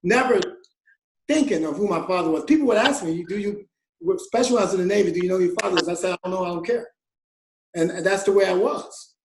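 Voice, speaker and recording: An animated male interview guest with a high voice, spinning a story and acting out the people in it. The sound rings a little in an echoey room, and he often breaks into laughter between lines. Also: fast, a little hiss or hum. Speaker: guest musician.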